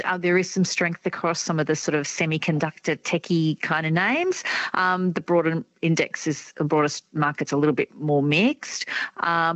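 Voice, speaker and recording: A woman's voice: low-pitched, no room sound, low-quality recording. A woman giving a finance update on radio, chatty and hesitant with many fillers. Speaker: finance commentator.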